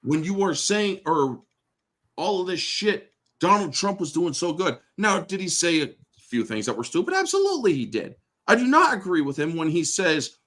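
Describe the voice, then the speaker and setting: Male host, profane political rant, blunt, sarcastic, fairly high voice, very lively pitch. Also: normal speed. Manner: blunt, swears constantly, sarcastic.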